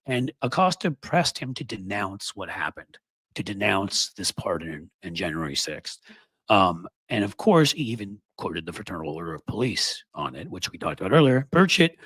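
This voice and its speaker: A sarcastic, rambling political commentator in his fifties, from New York City. His low, husky voice sits close on a studio mic in a dry room. He mocks and riffs freely as he talks. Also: very animated, moderate pace, a bit bright, no echo. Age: 50s. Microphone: studio microphone.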